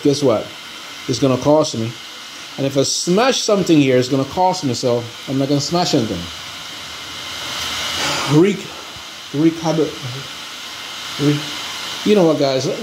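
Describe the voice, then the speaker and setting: A man with a voice pitched a little high talks in a frustrated, halting way, circling back over the same complaint with fillers and restarts. The room is echoey and a faint background hum sits under him. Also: lively intonation. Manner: frustrated, rambling, says he is pissed off; hesitant, restarts and fillers, talks to viewers as guys. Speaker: RC hobby vlogger. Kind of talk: casual vlog chat.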